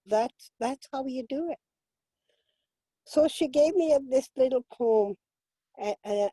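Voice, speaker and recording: Older lady saying a blessing on a video call, slow and soft, mellow voice, dry sound. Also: medium pitch, slightly rough, no room sound, rough recording. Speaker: elder offering a blessing. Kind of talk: spoken prayer and blessing.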